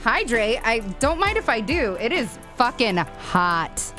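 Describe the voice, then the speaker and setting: A woman streamer chatting casually with her viewers while she crochets, chatty, excitable and freely swearing. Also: a little high, a little slow, music in the background.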